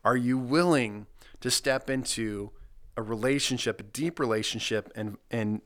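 A man's voice: mid-range voice, normal speed, a bit bright. A middle-aged man co-hosting a casual devotional chat, earnestly walking through his Bible study points one by one. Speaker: podcast co-host leading Bible discussion.

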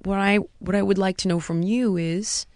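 A woman hosting a podcast, casually telling a personal story and dropping her voice softly when she quotes someone. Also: mid-range voice, moderate pace, dry recording. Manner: animated retelling, drops to a soft hush for quotes. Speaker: podcast host.

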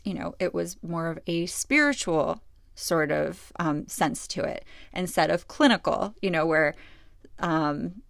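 Woman, middle-aged, low gravelly voice, earnest storytelling, reflective, dry close sound. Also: dry recording. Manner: reflective, earnest, frequent fillers. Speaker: podcast host. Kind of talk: personal storytelling.

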